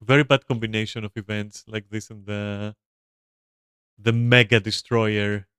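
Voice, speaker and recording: Bright, crisp-voiced male game streamer. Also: lowish voice, flat delivery, a little slow, no echo, clean studio sound. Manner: rambling, swears often, bursts into laughter. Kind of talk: casual gameplay commentary to chat.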